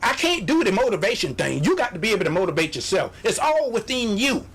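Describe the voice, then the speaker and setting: A man's voice: sits high, big pitch swings, quick pace, a bit bright, husky. A man hosting a radio show, giving a motivational sales pep talk, exhorting his listeners, repeating phrases and mimicking doubters.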